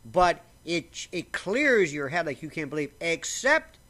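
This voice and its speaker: A man talking casually to camera from a simple home setup in a rambling, animated way, often restarting his sentences and sipping coffee as he goes. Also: fairly high pitch, a little slow. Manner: slurps coffee while talking. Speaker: vlogger.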